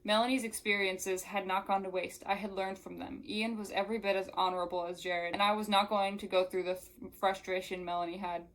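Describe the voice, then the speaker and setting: A woman's voice: medium pitch, level tone, a little fast, hardly any pauses. A young woman who reviews books, reading a novel aloud and breaking off into casual, exasperated asides. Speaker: book reviewer.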